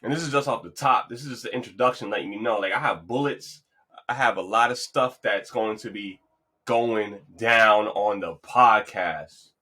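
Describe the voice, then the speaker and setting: Bright-voiced upbeat male podcast host. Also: on the low side, moderate pace. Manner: loose, rambling, upbeat and encouraging. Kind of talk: casual motivational monologue. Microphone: podcast mic.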